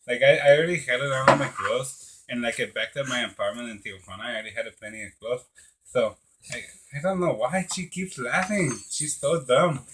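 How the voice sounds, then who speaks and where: A man's voice: mid-range voice, a little fast, noisy background, lightly acted. A man improvising a rambling young Mexican man from Tijuana, with a put-on Mexican accent, telling a meandering, flustered story. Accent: put-on Mexican Spanish accent.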